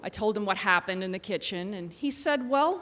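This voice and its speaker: A woman in her thirties telling a personal story live on stage, animated and self-mocking, with punchy timing, into a handheld mic. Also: medium pitch, brisk.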